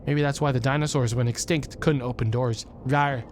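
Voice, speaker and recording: A man streaming a video game, reading the game text aloud with deadpan, jokey asides. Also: mid-range voice, brisk, slight background noise. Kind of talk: casual let's play commentary.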